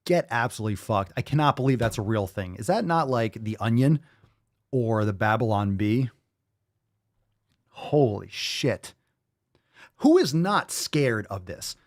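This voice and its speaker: A man's voice: mid-range voice, sing-song, moderate pace, no room sound, studio quality. A man hosting a livestreamed podcast, ranting with constant profanity and sarcasm while reading viewer comments. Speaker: podcast host. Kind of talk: livestream rant.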